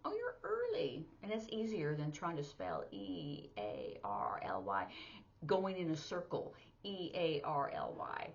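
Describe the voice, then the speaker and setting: Chatty woman teacher, low voice. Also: very animated, a little slow, highs cut off. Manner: chatty, explains each sign step by step with fillers. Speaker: sign language teacher. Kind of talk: casual instructional lesson.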